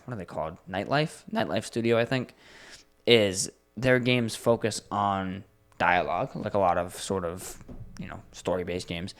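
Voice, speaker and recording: A young man co-hosting a podcast, chatting casually and swearing freely as he tells stories with animation. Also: fairly low pitch. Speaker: podcast co-host. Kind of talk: casual chat.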